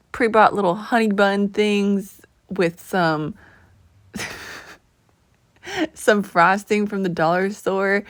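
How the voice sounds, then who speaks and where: A young woman from the southern United States telling casual, animated stories to camera, laughing often and acting out what her friend said. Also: no echo. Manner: animated, laughing, acts out quoted friends with high bright pitch. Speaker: vlogger.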